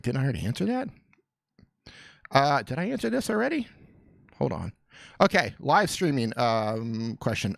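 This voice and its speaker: Hosting a laid-back live question-and-answer stream in a compact studio, this man greets viewers by name and jokes around, sounding pumped and excited. His mid-range voice has a gravelly texture, with no room sound in the recording.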